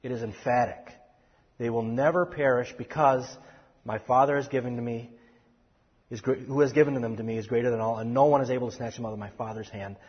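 A man leads a Bible study in an earnest teaching voice, restarting phrases and leaning hard on key words. His voice is slightly husky. The recording is dull and lo-fi, with long reverb from a hall. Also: mid-range voice, steady tone, fairly quick. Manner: earnest, with frequent restarts and emphatic stresses.

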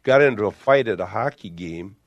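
A man's voice: lowish voice, lively intonation, a little fast, no echo, lo-fi sound. An older man teaching on the Bible in a discussion, building his points emphatically with illustrations. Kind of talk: theological discussion.

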